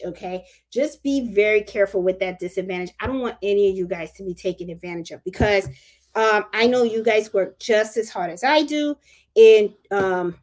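A woman with a Puerto Rican accent hosting a casual live stream about sewing, chatting and repeating herself for emphasis. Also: on the high side. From Puerto Rico. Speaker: crafting channel host.

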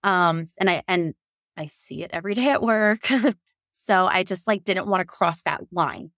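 A woman in her thirties telling her own story in a casual, animated way, quoting herself and others and laughing often. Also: on the low side, moderate pace, no room sound, studio quality. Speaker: podcast guest telling her birth story.

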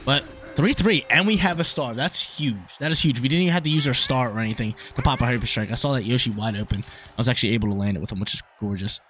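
A young man giving live commentary over his own online soccer game, excitable and swinging between hype and frustration. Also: medium pitch, quick pace, slight background noise. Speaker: gaming YouTuber.

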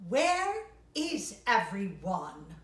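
A woman voicing a grumpy, bossy male penguin conductor who snaps loudly at his orchestra. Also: mid-range voice, huge pitch swings, drawn-out words, heavily acted. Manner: loud, snapping, impatient. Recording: roomy, distant mic.

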